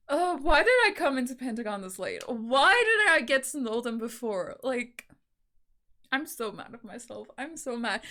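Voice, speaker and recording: A young woman with a high, bright, pushed voice hosts a fan reaction video. She gushes emotionally, packing her speech with "like" and slipping into half-laughing, near-tearful asides as she laughs through tears.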